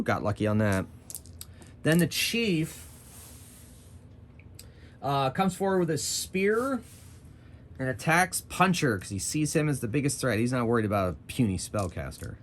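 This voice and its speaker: A man running and narrating his own solo tabletop game, chatting and thinking aloud about rules and dice rolls. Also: mid-range voice.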